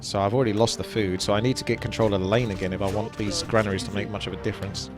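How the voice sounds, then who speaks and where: Young man, low-set voice, casual strategy commentary over clear game music. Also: fairly even intonation, very fast. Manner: chatty, explains strategy while playing. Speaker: gameplay commentator.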